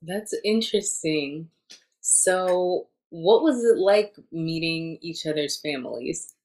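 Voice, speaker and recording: A woman with a low voice asks interview questions at an unhurried pace. She sounds calm and curious. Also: rough recording.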